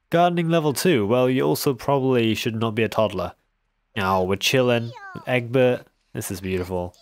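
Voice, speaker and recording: Man, mid pitch, chatty let's-play host who teases his characters, dry close sound. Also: dry recording. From West Country, England. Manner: chatty, teasing, talks to game characters. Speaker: gaming video host. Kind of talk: casual gameplay commentary.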